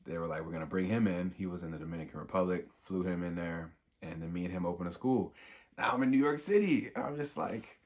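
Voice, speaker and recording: An American man, a young adult, telling a casual story in an animated, slangy way and acting out the dialogue. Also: sits low, fast. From United States. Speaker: vlogger.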